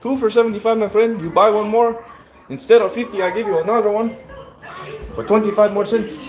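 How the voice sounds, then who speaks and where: A man's voice: sits high, fairly even intonation, brisk, pitched above the performer's own voice, close to an everyday voice, poor audio. A man putting on a pushy, haggling male street vendor with an Indian accent and a sing-song patter.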